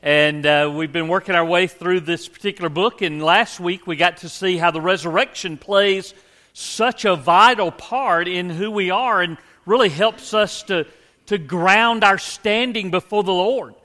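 A man's voice: high-pitched, measured pace, pushed and bright. A man preaching a sermon as pastor, earnest and conversational, asking the congregation rhetorical questions. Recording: long hall reverb.

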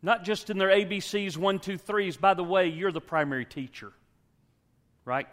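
A male pastor preaching a sermon and leading a closing prayer, emphatic, swinging from loud exhortation to hushed tones. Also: high voice, moderate pace. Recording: long hall reverb.

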